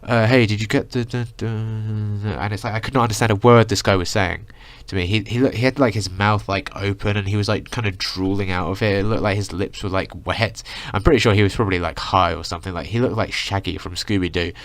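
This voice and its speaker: A man's voice: low-pitched, steady tone, quick pace, few pauses, fairly bright tone, no echo. A young man ranting through a casual storytime, rambling with lots of filler words. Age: young adult. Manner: rambling, full of "like" and "you know". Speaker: vlogger.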